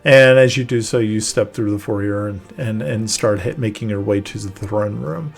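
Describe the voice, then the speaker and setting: A man narrating a tabletop game as game master, halting and searching for words mid-sentence. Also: fairly low pitch, gravelly.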